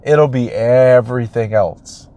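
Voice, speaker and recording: A man's voice: mid-range voice, slow pace, warm tone. A man, a realtor, giving an emphatic motivational talk and repeating his phrases for effect. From United States.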